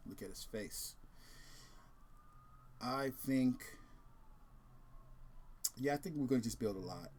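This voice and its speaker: Laid-back rambling man, mid-pitched. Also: slow, long pauses, background noise. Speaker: host. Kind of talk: casual video chat.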